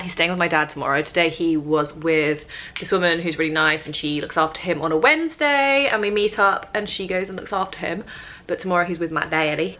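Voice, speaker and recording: A woman's voice: fairly low pitch, sharp tone. A young woman from Britain chatting casually in a vlog, talking to her puppy and to the camera. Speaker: vlogger.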